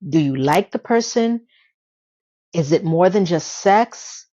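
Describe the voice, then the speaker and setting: A woman's voice: lowish voice, animated, slow, dark tone, highs cut off. Chatty woman with sarcastic asides. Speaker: TV episode recap host. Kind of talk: casual chatty commentary.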